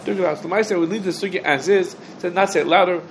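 A man's voice: high voice, very fast, slight background noise, poor audio. A man teaching an informal halacha class, posing rhetorical questions and answering them, his talk dense with Hebrew terms. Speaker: Torah teacher.

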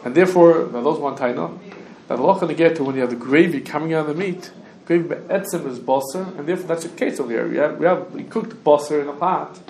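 Fast-talking man teaching a Talmud class. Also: fairly high pitch, vocal fry, a little mellow. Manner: quick, restarts often, mixes Hebrew and Yiddish terms. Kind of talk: casual Talmud study lesson. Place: classroom with students. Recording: echoey room with faint background noise.

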